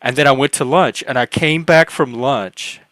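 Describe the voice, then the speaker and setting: Man, casual storytelling, mid-pitched voice, dry close sound, keeps restarting sentences. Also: moderate pace, a bit bright, no room sound. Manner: rambling, frequent restarts and self-corrections; earnest, acts out quoted dialogue. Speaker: panelist on a livestream. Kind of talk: personal storytelling, casual talk.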